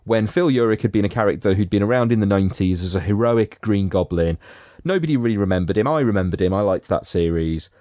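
Male podcaster, lowish voice, animated and digressive, dead-dry mic. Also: fast talker, no room sound. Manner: enthusiastic, rambling, acts out quotes. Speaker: podcast panelist. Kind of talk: casual film discussion.

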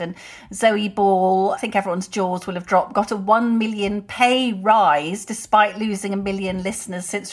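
Indignant older woman, chatting. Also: lowish voice. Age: 60s. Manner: indignant, opinionated. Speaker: co-host. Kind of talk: casual political podcast chat.

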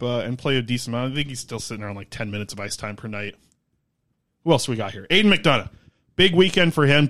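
A man's voice: mid-range voice, a bit bright. A man co-hosting a sports podcast, talking casually and rambling through stats with lots of fillers. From Canada. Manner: rambling, filler-heavy delivery. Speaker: podcast co-host.

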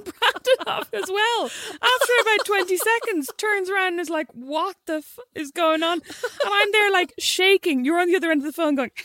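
A woman's voice: extremely high pitch, moderate pace, sharp tone, no room sound. A woman co-hosting a podcast, chatting and telling stories, often breaking into laughter. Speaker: podcast co-host. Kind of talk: casual chat.

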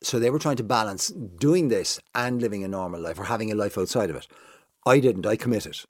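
A middle-aged man talking casually as a guest and telling animated stories about his old working hours. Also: brisk, no room sound. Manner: animated storyteller, jumps high to mimic others. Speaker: guest, former breakfast TV presenter. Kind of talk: casual chat.

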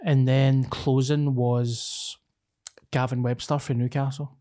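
A man's voice: medium pitch, little pitch movement, slow, mellow. A man with a Scottish accent chatting casually on a podcast, telling stories with lots of swearing and laughs. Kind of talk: casual chat.

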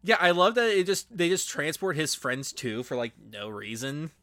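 A man with a bright, animated voice cracking sarcastic jokes while chatting about a movie on a podcast. The sound is close and dry, with no room around it. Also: a little high, normal speed, no room sound. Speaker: podcast co-host. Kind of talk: casual chat reviewing a movie.

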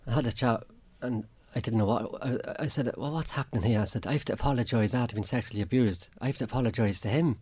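A man's voice: medium pitch, fast, hardly any pauses. An Irish man giving a plain spoken account as an interview guest, acting out what others said to him. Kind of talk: personal account in a radio interview.

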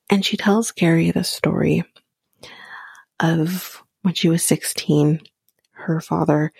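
A woman softly recapping a reality dating show in a whispered ASMR style, halting with frequent ums and small laughs. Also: fairly low pitch, gravelly, husky, no room sound.

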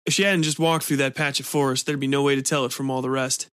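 A man narrating a dark short story in a steady, measured reading. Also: medium pitch, smooth, dry recording, studio quality. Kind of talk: audio fiction reading.

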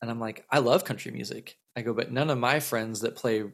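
A gravelly, brisk musician in his thirties, pitched at an ordinary middle, tells a long story as a guest in a casual interview. He wanders and loops back, repeating words and using plenty of fillers.

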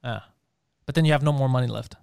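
A man co-hosting a podcast, telling a comedic story in a profane, animated way and acting out the voices of the people in it. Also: medium pitch, quick pace, vocal fry, clean tone, no echo, studio quality. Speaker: podcast co-host.

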